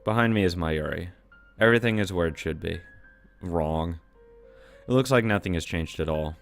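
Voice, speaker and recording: A man's voice: low voice, creaky. A man reading a visual novel's narration aloud, breaking off now and then to swear and react to the story.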